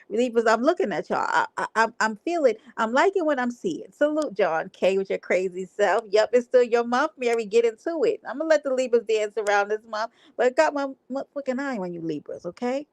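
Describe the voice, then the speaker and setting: A woman's voice: fairly high pitch, dry recording. A woman hosting a livestream, talking to her chat in a brash, playful way with plenty of profanity. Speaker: livestream host.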